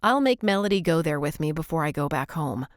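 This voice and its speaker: A woman's voice: deep voice, expressive, fairly quick, dry recording, studio quality. Woman narrator doing a teasing young American woman. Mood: cheerful.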